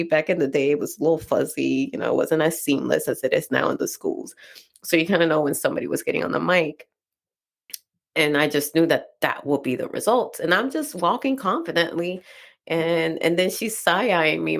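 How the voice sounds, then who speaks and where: Woman, Dominican accent, podcast host; lowish, gravelly, chatty storyteller. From Dominican Republic. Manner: chatty, frequent "like" and "right?" tags. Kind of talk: casual personal storytelling.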